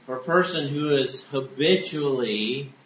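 A man preaching a sermon in an earnest, measured way. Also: medium pitch, fairly bright tone, echoey room, a little hiss or hum, rough recording. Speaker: pastor.

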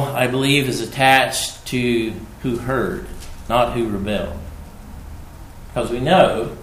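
A male preacher delivering a sermon at an unhurried, deliberate pace. His voice sits in a middle register and rings with a roomy echo. He drives points home by repeating them, dropping low and then rising loud. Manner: emphatic, repeats key phrases, swings from hushed to loud.

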